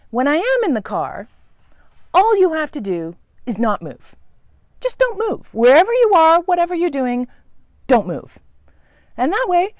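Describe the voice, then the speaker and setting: A woman vlogger telling a comic story to camera in an animated, theatrical way. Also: very high voice, no echo. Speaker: travel vlogger.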